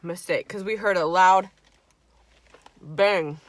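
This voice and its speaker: A woman's voice: lowish voice, slow pace, no echo. A young woman vlogger chats through a story while she eats, loose and profane. She acts out her friends' lines with plenty of animation. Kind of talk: casual storytime while eating.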